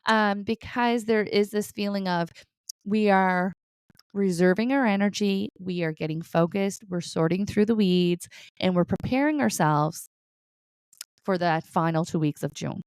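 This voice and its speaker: A woman's voice: medium pitch, unhurried, a little mellow, clear, resonant tone, no room sound. A middle-aged woman, a psychic medium, talking viewers through weekly guidance in a reassuring, chatty way, often checking in with "okay?" and "right?". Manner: laughs lightly between points. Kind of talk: casual spiritual guidance talk to viewers.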